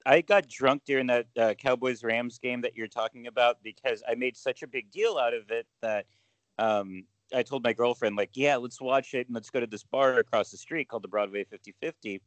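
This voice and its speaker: A man's voice: medium pitch, a little fast, dry recording, poor audio. A man co-hosting a casual podcast chat in a laid-back, teasing way. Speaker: podcast co-host.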